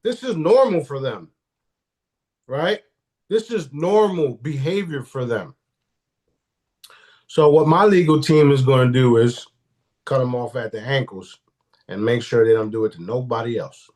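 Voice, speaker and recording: A man's voice: mid-range voice, animated, a little slow, pauses often, darkish tone. A man speaking as a guest in a casual live-stream interview, blunt and profane, often restarting his sentences.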